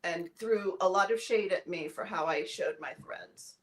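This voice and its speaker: A woman's voice: fairly low pitch, moderate pace, crowd noise. A woman with a Midwestern American accent, chatting playfully and teasing as co-host. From Midwestern United States. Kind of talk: casual chat. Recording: echoey room, faint noise.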